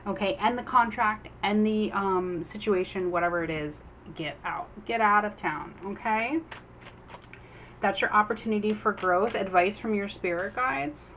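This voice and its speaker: A woman giving a casual general tarot reading, chatty, acting out the figures on the cards in quick quoted voices. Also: mid-range voice, a bit bright, a little hiss or hum, rough recording. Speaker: tarot reader.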